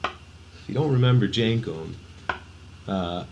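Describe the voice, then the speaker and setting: Lowish voiced guy on a podcast, lots of uhs and likes, faint background hiss. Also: takes it slowly, vocal fry, muffled recording. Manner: hesitant, lots of fillers and trailing off. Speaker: podcast guest. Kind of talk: casual chat.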